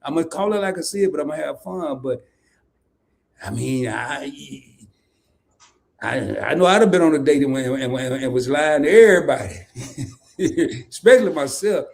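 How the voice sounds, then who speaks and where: A middle-aged man hosting a casual live stream, talking in a playful, animated way and laughing often. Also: a little high, normal speed, vocal fry, long pauses. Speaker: host.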